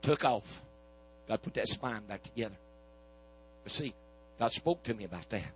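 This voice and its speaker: A man's voice: on the low side, animated, normal speed, slight background noise, poor audio. A man preaching a sermon, telling a healing story in a folksy back-and-forth of "I said, he said". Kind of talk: sermon testimony.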